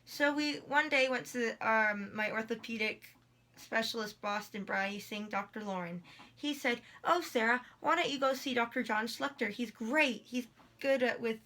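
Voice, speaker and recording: In a casual vlog, a teen girl with a fairly high, sharp voice speaks at normal speed through a long, rambling personal tale while hurting. Fillers like "like" and "um" abound, and she quotes people's lines.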